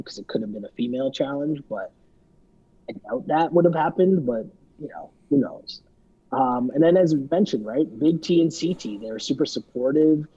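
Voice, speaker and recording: Man, husky voice, dark mellow tone, dull lo-fi recording, casual chat, loose and rambling. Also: medium pitch. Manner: loose, filler-heavy, quick asides. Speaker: podcast co-host. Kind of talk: casual chat recapping a reality show. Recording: dull lo-fi sound.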